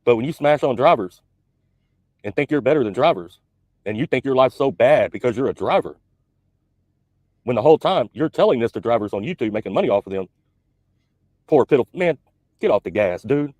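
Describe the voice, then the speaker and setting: Fast-talking, blunt trucker ranting. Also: male voice, medium pitch, animated, darkish tone, no echo. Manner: blunt, confrontational. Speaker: truck driver YouTuber. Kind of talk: recorded video rant.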